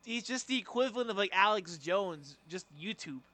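A young man co-hosting a casual podcast, rambling with lots of fillers and breaking into loud impressions. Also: sits high, expressive, normal speed. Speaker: podcast co-host.

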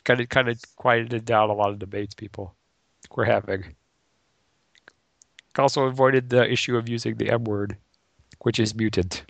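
A man co-hosting a podcast in casual chat, relaxed and agreeable, thinking aloud as he talks. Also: on the low side, normal speed, creaky, pauses often, no echo. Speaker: podcast co-host.

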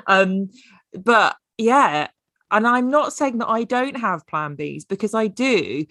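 A woman coach, a guest on a podcast, talking in a relaxed and reflective way in a casual chat. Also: medium pitch, dry recording, studio quality. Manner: relaxed, reflective, laughs easily.

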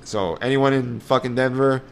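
A young man with a New York accent talks loosely on a podcast, swearing freely and laughing between lines. His pitch sits in an ordinary middle range. A faint hiss of noise sits under the recording. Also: normal speed, creaky. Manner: loose, profane, laughs often. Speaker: podcast co-host. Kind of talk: casual chat.

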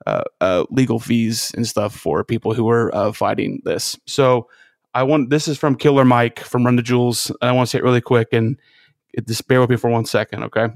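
A man co-hosting a podcast in casual chat, earnest and halting, often restarting his sentences. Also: mid-range voice, gravelly, no echo. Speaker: podcast co-host.

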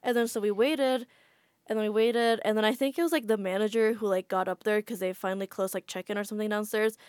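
A woman's voice: mid-range voice, steady tone, fast, a little mellow, smooth, dry recording, studio quality. Chatty woman telling a travel story. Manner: chatty, frequent "like" fillers. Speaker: podcast guest. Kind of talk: casual storytelling.

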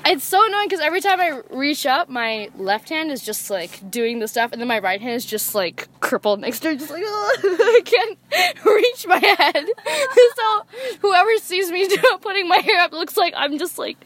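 A woman's voice: high voice, animated, fairly quick, few pauses, fairly bright tone, a little hiss or hum. A teenage girl co-hosting a podcast, chatting casually and giggling, with lots of "like". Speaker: podcast co-host. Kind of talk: casual chat among friends.

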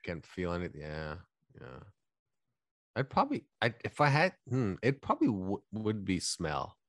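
A man's voice: low voice, huge pitch swings, normal speed, a bit bright, no echo, clean studio sound. A man hosting a casual podcast, joking around, swearing and laughing often. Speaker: podcast host.

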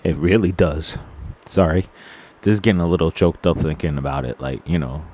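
A man with a very low, deep voice talks straight to his viewers in an unscripted monologue. He is solemn and earnest, and often stops to restart his sentences or reach for words. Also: mellow, a little hiss or hum. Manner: halting and solemn, with many fillers and restarts; earnest, sorrowful. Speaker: vlogger.

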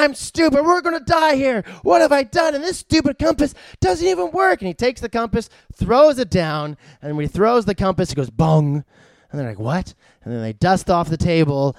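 A man reviews movies in a loose, rambling way, with plenty of uhs and casual swearing. His voice sits fairly high and comes across clean and smooth. The recording is dry and close. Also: no echo. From Vancouver, Canada.

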